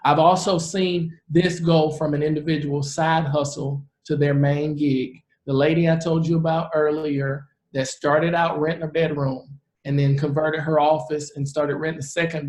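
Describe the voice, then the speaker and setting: A man in his forties, a real estate investor, giving a live presentation and telling stories in an earnest, animated way. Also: fairly high pitch. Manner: earnest, animated storyteller who acts out the people he quotes. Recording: roomy echo.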